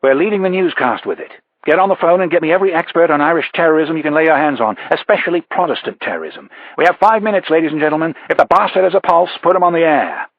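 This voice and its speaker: A man voicing a gruff, impatient male executive producer who barks orders. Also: on the high side, animated, fast, few pauses, no room sound, voice pushed up. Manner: brusque, barking orders. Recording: dull lo-fi audiobook recording.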